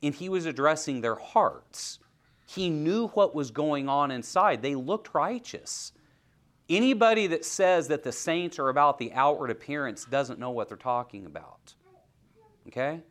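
Male preacher, sermon delivery, hushed-to-fervent swings, questions the congregation. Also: a little high, expressive, unhurried. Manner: swings from hushed near-whispers to loud, rising exhortation.

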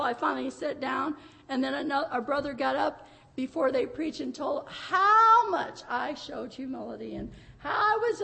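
An older woman preaching to her congregation in a very high voice. She speaks with deep emotion, her sermon often edging into tears and laughter as she tells stories. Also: vocal fry, fairly bright tone. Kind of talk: pentecostal sermon.

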